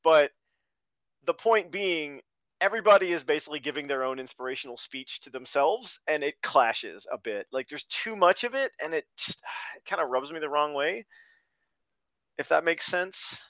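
A man co-hosting a podcast, chatting casually about films in an animated, storytelling way. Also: fairly high pitch, normal speed, no echo. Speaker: podcast co-host. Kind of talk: casual film review chat. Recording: dull, dry lo-fi mic.

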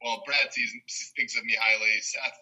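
Young guy rambling thru a story, laughs a lot, bright husky voice. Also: mid-range voice, fairly even intonation, normal speed. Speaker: podcast co-host. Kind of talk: casual chat. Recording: dull lo-fi sound.

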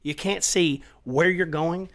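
A middle-aged man in casual chat as a podcast guest, swearing freely and getting louder and more animated as he makes his point. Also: on the high side, slow. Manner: animated and profane, swears often, voice rising as he gets worked up.

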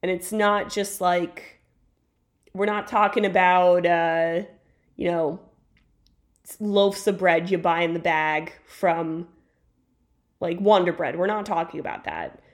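A woman's voice: fairly low pitch, fairly even intonation, takes it slowly, pauses often. Woman cohost on a chatty podcast, emphatic, laughs a lot. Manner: enthusiastic storyteller, emphatic and laughing. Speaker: podcast co-host. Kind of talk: casual chat.

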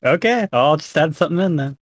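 A man's voice: a little high, animated, a little fast, no echo, clean studio sound. A man playing a tabletop game, eager and chatty as he calls out his moves. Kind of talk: casual tabletop game play.

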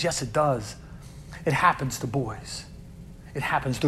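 A man who leads a youth group, telling stories in an inspirational sermon, earnest and repeating words as he builds, dropping to a hush and then rising loud. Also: medium pitch, measured pace, pauses often. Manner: earnest, swings from hushed to loud emphasis.

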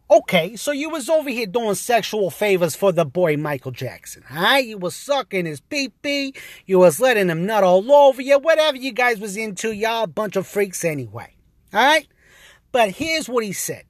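A man's voice: high voice, fairly bright tone, no echo. A man ranting on a podcast in a brash, heated and profane way, full of streetwise slang. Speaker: guest taking over a podcast. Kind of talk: casual profane rant.

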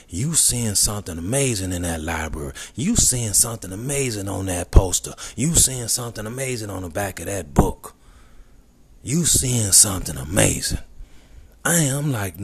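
A deep-voiced man with a husky edge talks with swagger and conviction. He piles up emphatic, repeated declarations about himself. Some lines drop to a breathy near-whisper, others rise loud. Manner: boastful, confident, repetitive emphatic declarations. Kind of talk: motivational monologue.

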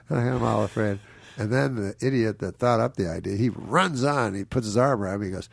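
A man's voice: lowish voice, normal speed, vocal fry, no room sound. A man, a guest comedian, telling a rambling anecdote, chuckling often and mimicking the people in it. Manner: meandering storyteller, chuckles often, mimics people in his stories.

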